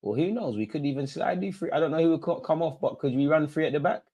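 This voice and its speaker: A young man hosting a football watch-along, reacting live to the match in a slangy, excitable way and pleading with the players. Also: on the high side, quick pace, husky, lo-fi sound. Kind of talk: live reactive commentary to viewers.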